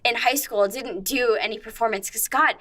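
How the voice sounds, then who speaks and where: A young woman hosts a casual podcast chat with a high, bright voice. She talks in an excitable rush and swears freely. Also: moderate pace. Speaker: podcast host.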